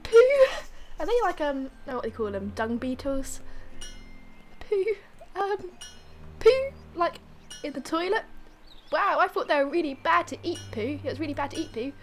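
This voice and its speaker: A woman voicing a curious, squeamish little girl for a game in a high, odd put-on voice. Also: very animated, unhurried, long pauses, soft background music, heavily acted.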